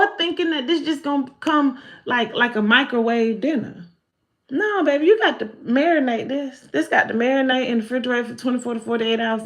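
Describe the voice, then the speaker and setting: Animated, folksy spiritual reader woman. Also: sits high. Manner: animated, preachy, humorous, folksy. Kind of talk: live-stream spiritual talk.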